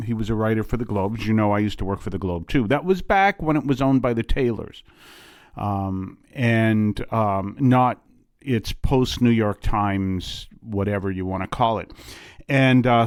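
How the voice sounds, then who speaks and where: A man's voice: lowish voice, a little slow, dry recording. A middle-aged man, a priest hosting his show, talking in a casual, rambling way with frequent fillers and side remarks. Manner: rambling and digressive, with many fillers and asides. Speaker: priest and podcast host. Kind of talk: casual homily-style monologue.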